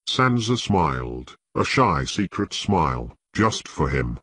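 A man narrates a fantasy novel at a slow, deliberate pace. His voice sits low with a husky edge and moves expressively through the sentences. The sound is close and dry. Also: sing-song, a bit bright, dry recording. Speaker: audiobook narrator.

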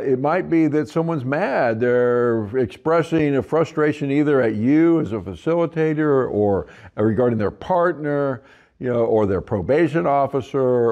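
A man's voice: medium pitch, darkish tone, dull audio. A man giving an instructional talk to facilitators, sometimes acting out what clients say in a livelier voice. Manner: acts out client quotes in a livelier voice. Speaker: trainer for facilitators.

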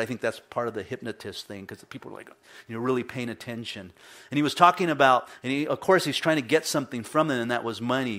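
A male pastor preaching a casual, storytelling sermon, mimicking the people he quotes with sudden loud bursts. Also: mid-range voice.

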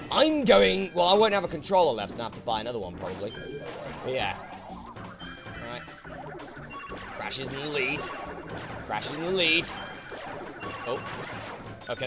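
Animated British man commenting on a game. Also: a little high. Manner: swearing, frustrated outbursts at the game. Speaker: let's play host. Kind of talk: gameplay commentary.

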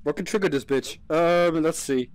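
A man's voice: a little high, moderate pace, smooth, dry recording. A man streaming a horror game with friends, swearing a lot, laughing and panicking. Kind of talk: casual gameplay chat with friends.

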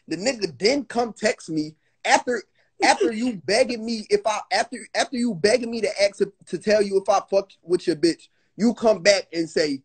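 A young man on a livestream phone call, telling a heated story. He is agitated and profane and keeps stumbling into restarts. His voice sits high and sounds husky. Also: fairly quick. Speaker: guest on a livestream. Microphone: phone on a live video call.

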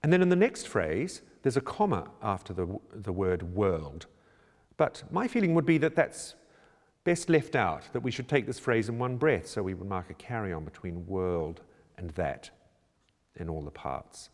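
A choir director talks through a score in a calm, measured, explanatory voice. His voice sits somewhat low. The recording has a long, lingering reverb. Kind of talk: instructional talk on score preparation. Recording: reverberant room with long echo.

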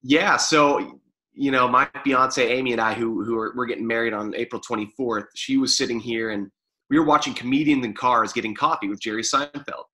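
A man's voice: mid-range voice, sharp tone, poor audio. A man chatting casually in an interview, rambling with fillers and restarts. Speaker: guest, former pro sports media staffer.

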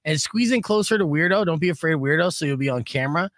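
A man's voice: a little high, expressive, fast talker, a bit bright, dry recording. A man hosting live radio from a studio, loose and upbeat, rambling with fillers. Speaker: radio show host.

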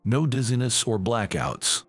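A man voicing a calm, protective young lifeguard who speaks firmly. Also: mid-range voice, unhurried, breathy edge, dry recording, faint music behind. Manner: firm, steady.

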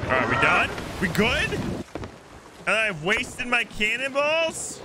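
Excitable male streamer, high, lively voice, yells at the game over loud sea and boat sounds. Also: takes it slowly, very noisy. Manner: excitable, yelps and shouts at the game. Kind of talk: live gameplay commentary.

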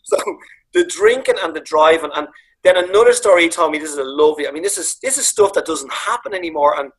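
A Dublin man on a video call, telling lively anecdotes about his late father, acting out voices and swearing freely. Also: fairly high pitch, quick pace, breathy edge, poor audio. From Ireland. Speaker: comedian guest. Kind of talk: casual storytelling on a video call.

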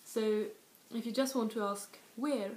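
A woman from Sweden, giving a casual video language lesson and explaining slowly with frequent restarts and spoken examples. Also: fairly high pitch, steady tone, a little mellow. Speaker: language tutor. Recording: echoey room with faint noise.

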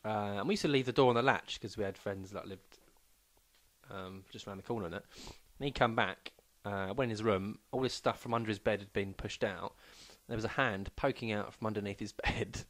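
A man's voice: on the low side, brisk, dry recording. A young man co-hosting a comedy podcast, telling anecdotes and laughing often. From England. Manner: laughs often, lively storyteller. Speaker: podcast co-host. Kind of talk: casual comedy chat.

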